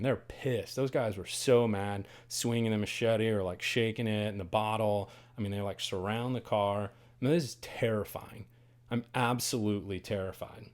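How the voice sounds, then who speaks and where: A man hosting a podcast, telling a story in a casual, animated and dramatic way. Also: fairly low pitch, moderate pace. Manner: animated, dramatic, swings to loud bursts on quoted lines. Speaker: podcast host. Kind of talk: casual first-person storytelling.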